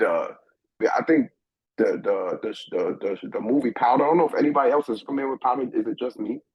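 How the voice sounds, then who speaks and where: A middle-aged man from New York, a guest telling a personal story in an animated way, often restarting and repeating words as he thinks. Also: medium pitch, fast, breathy edge, no echo. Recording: dull lo-fi dry sound.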